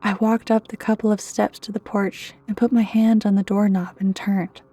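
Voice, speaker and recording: Woman narrator for a horror story read-aloud; warm, soft, often near a whisper, dry booth sound. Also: medium pitch, flat delivery, moderate pace, no room sound, faint music behind. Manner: hushed, often dropping to a whisper. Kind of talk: scripted creepypasta narration.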